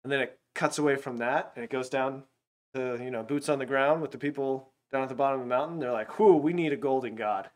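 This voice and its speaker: Animated, conversational male Bible teacher. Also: mid-range voice, fast. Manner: conversational, animated retelling with acted-out quotes. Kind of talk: casual Bible lesson.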